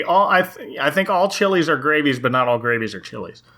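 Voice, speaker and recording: A man's voice: on the high side, expressive, brisk, sharp tone. A man hosting a podcast, chatting casually and joking, laughing often. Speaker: podcast host.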